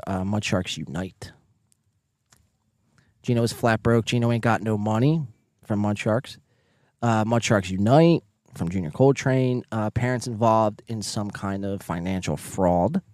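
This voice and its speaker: A man with a Northeastern American accent hosts a live podcast from home, reading viewer chats in a casual, profane, joking way. His voice sits fairly low and jumps into loud bursts. The sound is close and dry, with no room echo. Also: a little slow. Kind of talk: casual livestream chat. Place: home, near neighbors.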